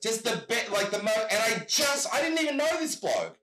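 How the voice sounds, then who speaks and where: Man, Australian accent, bright voice, rambling storyteller, echoey room. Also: high voice, big pitch swings, moderate pace, soft background music. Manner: rambling storyteller, repeats "I gotta tell you". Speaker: guest. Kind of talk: casual chat. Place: home in Michigan.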